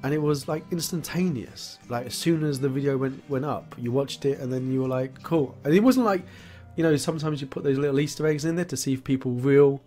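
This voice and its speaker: A man's voice: medium pitch, a little mellow. A man hosting a casual online interview, chatty and enthusiastic. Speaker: host.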